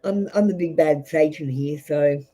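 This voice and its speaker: A woman's voice: sits low, normal speed, warm tone, faint music behind, low-quality recording. An Australian woman giving a live tarot reading to viewers, blunt and rambling, with many fillers and restarts. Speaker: tarot reader.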